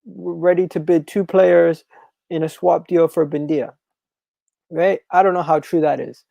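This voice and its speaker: Gravelly-voiced man hosting a football stream. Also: fairly high pitch, a little slow, no echo, low-quality recording. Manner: repetitive, restarts phrases, animated and chatty. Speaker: football channel host. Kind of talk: live stream chat reading comments.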